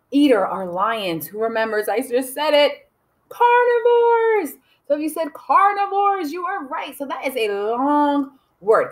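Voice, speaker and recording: A woman teacher giving a recorded writing lesson to young children, slowly sounding out letters and syllables and asking them questions. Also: mid-range voice. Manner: encouraging, asks questions to young learners.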